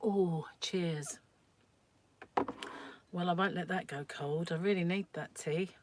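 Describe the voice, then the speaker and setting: A woman's voice: on the low side, fairly even intonation, moderate pace, background noise. A middle-aged woman hosting a crochet livestream at home, chatting casually and laughing often as she rambles through viewer comments.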